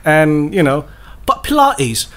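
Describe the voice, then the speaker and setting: A man in casual conversation about films, swearing freely and mimicking actors with animated delivery. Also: a little high, takes it slowly. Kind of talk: casual film chat.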